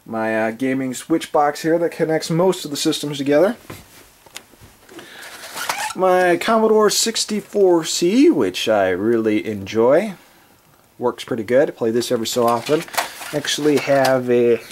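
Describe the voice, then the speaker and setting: Man, congested, breathing heavy, rambling game collection tour, mid pitch. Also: lively intonation, moderate pace, a little hiss or hum. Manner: rambling, filler-heavy, enthusiastic about gear. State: congested and breathing heavily from allergies. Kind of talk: casual off-the-cuff tour narration.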